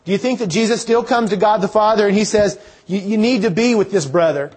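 A man's voice: sits high, a little fast, darkish tone, breathy edge. A man preaching a sermon, earnest and full of repeated rhetorical questions.

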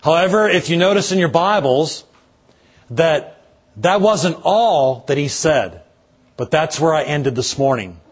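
Husky-voiced pastor guy preaching slow, voice swings high and low. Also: lively intonation. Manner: slow, measured preaching with dramatic pauses. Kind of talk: sermon.

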